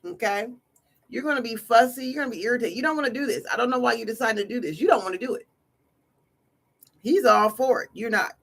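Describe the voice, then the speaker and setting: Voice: medium pitch, fast, fairly bright tone. A tarot reader hosting a casual livestream, talking in a blunt, slangy, scolding way. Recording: noisy livestream audio.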